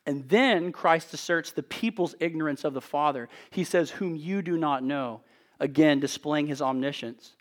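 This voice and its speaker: A man preaching an expository sermon in an earnest, emphatic way, with measured rhetorical pauses. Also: fairly high pitch.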